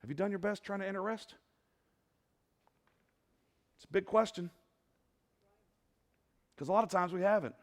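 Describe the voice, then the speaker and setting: A man preaching a sermon to a church congregation, animated and asking the crowd questions, sometimes rising to loud exclamations. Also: sits high, moderate pace, long pauses. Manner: asks the congregation questions and waits for answers. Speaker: pastor. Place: church sanctuary before a congregation.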